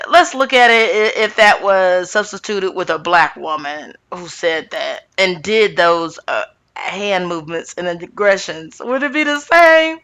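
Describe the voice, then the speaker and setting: A woman's voice: mid-range voice, bright, forceful tone. Sassy woman recapping reality TV. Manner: sassy, blunt, talks back to viewers with slang and swearing. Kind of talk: casual chat recap.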